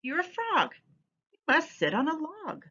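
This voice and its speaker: Bossy storybook cat, high and bright, insistent, read aloud by a woman, slightly muffled recording. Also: sing-song, a little slow, exaggerated voice.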